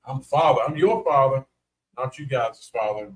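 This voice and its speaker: A man's voice: medium pitch, normal speed, a little hiss or hum. Folksy North Carolina man hosting. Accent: Southern US, North Carolina. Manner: chatty, folksy, teasing. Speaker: co-host of paranormal live stream. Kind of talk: casual live stream chat.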